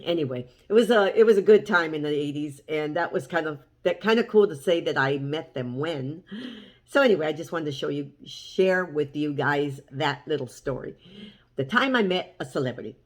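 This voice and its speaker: A woman's voice: sits low, lively intonation, moderate pace. A woman chatting to the camera as she tells a story, animatedly quoting what everyone said. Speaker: vlogger. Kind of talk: casual storytelling.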